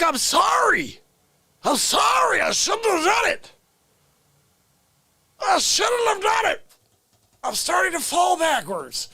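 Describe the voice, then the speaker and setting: A man doing a squealing boozy loudmouth. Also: extremely high pitch, vocal fry, no room sound, exaggerated voice. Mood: slurring. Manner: squealing shouts and giggling fits. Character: boozy rowdy older man character, manic. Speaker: livestream comedy host. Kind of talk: unscripted live comedy improv.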